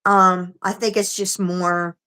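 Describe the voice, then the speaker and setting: A woman's voice: on the low side, little pitch movement, takes it slowly, pushed and bright, clear, resonant tone. A woman co-hosting a livestream, chatting casually and telling stories with restarts. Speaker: livestream co-host.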